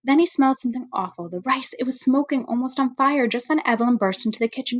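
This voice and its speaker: A woman's voice: fairly high pitch, expressive, fast, a bit bright, no room sound. Woman reading a storybook aloud. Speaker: reader.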